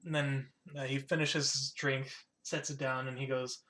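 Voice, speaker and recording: A man's voice: mid-range voice, level tone, normal speed, sharp tone, poor audio. Laid-back man running a tabletop game. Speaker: game master.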